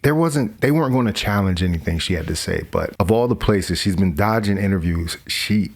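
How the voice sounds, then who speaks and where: A man's voice: sits low, lively intonation, brisk, vocal fry. A man hosting a reaction commentary, talking in a wry, casual way with laughing asides. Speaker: commentary host.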